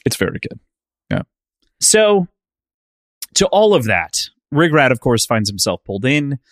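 A man's voice: medium pitch, sing-song, a little slow, a bit bright, no room sound, clean studio sound. A man co-hosting a casual book discussion podcast, recapping scenes thoughtfully with a lot of "like" and "sort of". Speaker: podcast co-host.

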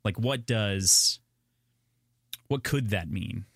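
A man's voice: on the low side, slow pace, fairly bright tone, breathy edge, no echo, studio quality. A man from Minnesota with a Minnesotan accent, hosting a casual book podcast, rambling, profane and jokey. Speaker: podcast host.

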